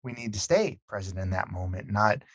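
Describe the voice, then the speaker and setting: Speaking fairly fast in a lowish voice, recorded with no room sound, this podcast guest tells a story in relaxed conversation. He's an animated storyteller who performs the quotes of the people involved.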